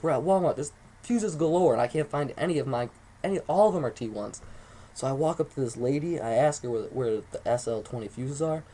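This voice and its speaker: A young man telling a rambling, excitable story to the camera, swearing often as he goes. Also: medium pitch, a little hiss or hum. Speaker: vlogger.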